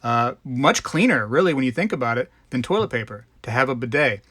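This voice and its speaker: Rambling livestream host, dry close sound. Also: male voice, mid-range voice, lively intonation, a little fast, a bit bright, dry recording. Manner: rambling, greets chatters by name. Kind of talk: casual live chat.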